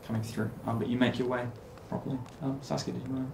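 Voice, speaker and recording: A man running a tabletop game as game master, narrating scenes in a relaxed way with fillers. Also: mid-range voice, fast, gravelly, background noise. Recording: echoey room.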